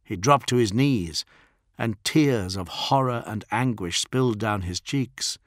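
A man giving dramatic scripted narration of an audiobook in a measured, grave way. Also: lowish voice, dry recording, studio quality.

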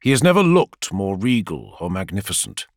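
Male narrator for a scripted epic; expressive and lively in pitch, mid-pitched, dry close studio sound. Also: normal speed, no echo. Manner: dramatic, expressive reading with lively swings.

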